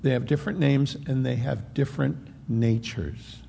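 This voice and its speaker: Gravelly preacher guy, slows down to hammer points home, echoey church hall. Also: medium pitch, steady tone, warm tone. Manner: emphatic, slows for stress, conversational asides. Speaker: pastor. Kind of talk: sermon. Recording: long hall reverb, faint noise.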